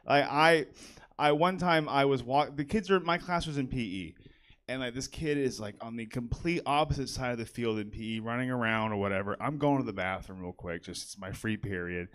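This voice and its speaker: A young man doing a stand-up set in a comedy theater, working the crowd. He talks in a loose, rambling way full of fillers and pokes fun at himself. His voice sits at an ordinary middle pitch for a man. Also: brisk, a bit bright. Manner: chatty, self-deprecating, full of "like" fillers.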